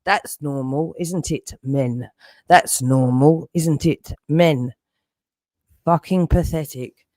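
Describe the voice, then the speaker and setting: A woman's voice: low-pitched, slow pace, mellow, no echo. A young woman ranting angrily and profanely on a livestream, repeating herself. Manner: furious, profane and repetitive. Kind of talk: angry livestream rant.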